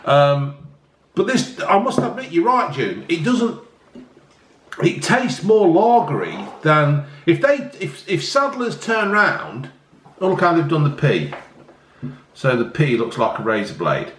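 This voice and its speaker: A man's voice: a little high, big pitch swings, measured pace, slight background noise. A slightly tipsy man hosting a casual drinks review, rambling and joking as he chats. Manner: rambling, jokey, chatty. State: a bit tipsy. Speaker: vlog host reviewing drinks. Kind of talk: casual chat. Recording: roomy echo.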